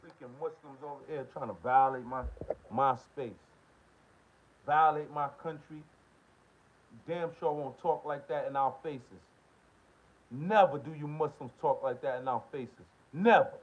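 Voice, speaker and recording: This American political commentator delivers a heated, confrontational monologue packed with profanity and repeated short questions. His voice is on the high side and a little slow, with long pauses, and the lo-fi audio sounds dull.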